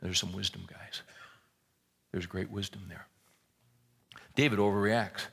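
Gravelly, forceful folksy preacher man. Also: low-pitched, fairly even intonation, a little slow. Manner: folksy, joking storytelling; repeats words as he restarts. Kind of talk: sermon.

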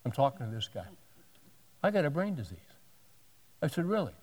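A man's voice: mid-range voice, sing-song, moderate pace, darkish tone, in a large hall. A male pastor telling a story in a sermon, animatedly acting out the dialogue of the people in it.

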